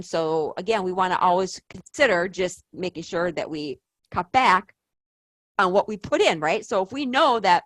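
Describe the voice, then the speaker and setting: A middle-aged woman talks through health concerns in a loose, rambling way, her voice sitting on the low side. She drifts into tangents and drives points home with emphatic questions. The sound is dry and close, with no room around it. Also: no echo. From United States. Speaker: health channel host. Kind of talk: casual health talk.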